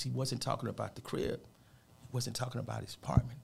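A man with a gravelly, creaky voice speaking at a middling pitch. He tells a personal story with heartfelt, emphatic earnestness, pressing his points home the way a preacher would. He sounds like a motivational speaker talking on a radio program. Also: expressive, brisk, slight background noise.

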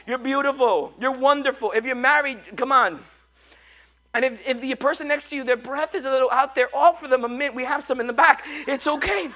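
A male pastor preaching a sermon, animated and joking as he coaxes his congregation along. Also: extremely high pitch, a little fast. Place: church.

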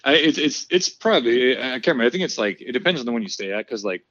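A man from the United States chats casually, rambling through a story with constant fillers and bursts of laughter. His voice sits at a middling pitch. The sound is dry and a little muffled. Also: lively intonation, racing, fairly bright tone, no echo. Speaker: podcast co-host telling a story. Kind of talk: casual chat.

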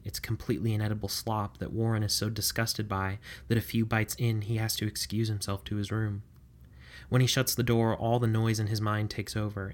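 Low, flat-voiced male storyteller. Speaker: narrator. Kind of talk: storytelling narration.

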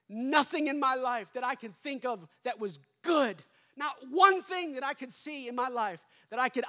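A man preaching a sermon as pastor, building to shouts and dropping to hushed endings. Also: very high voice.

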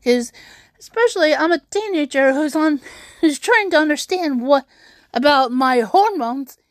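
A woman's voice: high voice, expressive, unhurried, dry recording. A young woman telling an upsetting personal story on her vlog, rambling with many restarts and fillers. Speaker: YouTuber.

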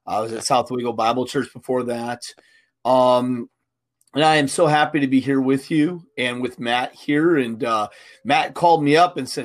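A man's voice: mid-range voice, steady tone, normal speed. A middle-aged man, a pastor co-hosting a podcast, talking casually and earnestly, with many fillers and restarts. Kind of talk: casual podcast Bible discussion.

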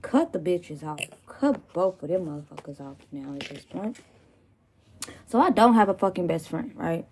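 A woman's voice: on the low side, normal speed, husky. Profane ranting woman podcaster. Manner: profane, animated, laughing asides. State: recovering from pneumonia. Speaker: podcast host. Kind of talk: casual solo rant.

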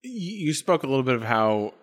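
A man's voice: mid-range voice, lively intonation, fast. Podcast panelist, man, mid voice, level and dry-humored. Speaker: movie podcast host. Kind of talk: casual movie discussion.

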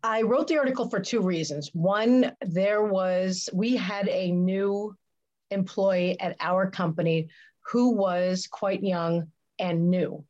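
A woman's voice: medium pitch, steady tone, takes it slowly, darkish tone, dull audio. Earnest woman telling her career story. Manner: earnest, reflective storytelling with many restarts. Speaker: interview guest, business leader. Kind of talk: conversational interview.

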